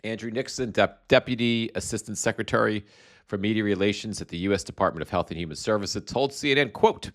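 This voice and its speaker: A man's voice: fairly low pitch, fast talker, fairly bright tone. A man hosting a casual political commentary show, sarcastic and stumbling, repeating words as he goes. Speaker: host.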